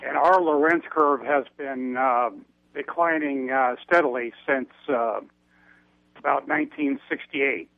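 A man calling in to a radio show, speaking haltingly with many ums and uhs. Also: medium pitch, lively intonation, creaky, dry recording. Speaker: radio caller. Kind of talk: call-in comment. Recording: phone line.

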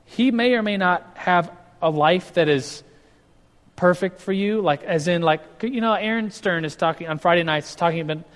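A male pastor teaching a casual, conversational sermon, often restarting sentences and acting out what people say. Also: on the high side. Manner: conversational, with many restarts and acted-out quotes. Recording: long hall reverb.

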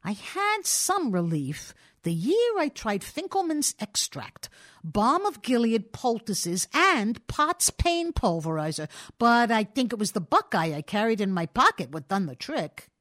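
A woman's voice: on the high side, very animated, measured pace, a bit bright, pitched above the performer's own voice. A woman voicing an irritable, disgusted older man woken in bed, speaking in a snappish, bad-humored way in an audiobook reading. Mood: interested.

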